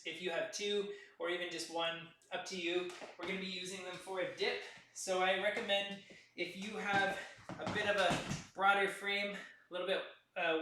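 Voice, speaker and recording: A male fitness instructor leads a workout class, counting reps and offering steady coaching cues. His voice sits high, and he's recorded from a distance in an echoey room with slight background noise.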